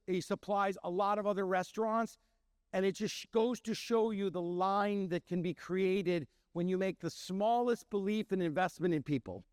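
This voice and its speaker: A high male voice in a dry, clean studio recording belongs to a middle-aged chef who runs a restaurant in Milwaukee, Wisconsin. Before an audience, he spins animated stories and acts out the voices of the characters.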